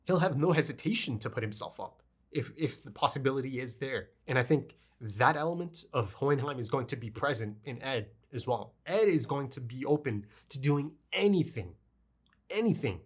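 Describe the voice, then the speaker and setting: Husky guy choked up, rambling about an anime episode, keeps asking right?. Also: medium pitch, lively intonation, moderate pace. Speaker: anime reaction reviewer. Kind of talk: casual review monologue.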